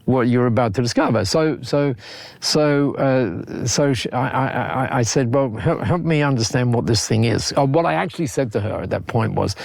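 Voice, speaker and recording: Gravelly Australian man telling stories. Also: mid-range voice, moderate pace, dry recording. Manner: animated, repeats words often, laughs between points. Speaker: guest. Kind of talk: conversational podcast storytelling.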